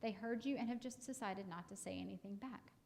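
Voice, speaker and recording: A woman's voice: mid-range voice, fairly quick, gravelly, darkish tone. A woman, counseling parents in a casual live talk, chatty with many fillers and restarts. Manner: acts out parents and kids in quoted lines.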